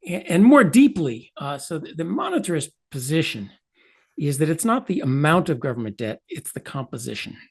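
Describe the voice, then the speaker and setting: An older man explains ideas as an interview guest. His pitch swoops widely as he stresses points. He drops in wry, offhand asides. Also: moderate pace, gravelly, husky. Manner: animated, emphatic, wry asides. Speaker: economist guest.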